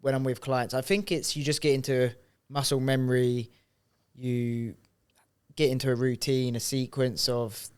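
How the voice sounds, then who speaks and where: A man co-hosting a podcast, talking in a relaxed, rambling way with restarts. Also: mid-range voice, moderate pace, clear, resonant tone. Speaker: podcast co-host. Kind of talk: casual podcast chat.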